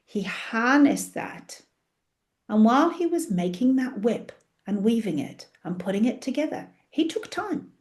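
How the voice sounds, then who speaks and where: A woman's voice: fairly high pitch, very animated, measured pace, a little mellow. A woman host talking passionately in an interview from her office, acting out her own prayers as she speaks. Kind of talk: animated faith interview chat.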